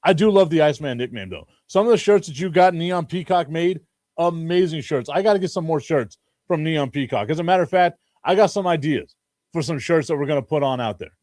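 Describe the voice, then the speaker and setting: A man's voice: a little high, expressive, a little fast, a little mellow, no room sound, clean studio sound. A man hosting a casual sports talk stream, joking and rambling and laughing often. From Chicago. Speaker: sports talk show host.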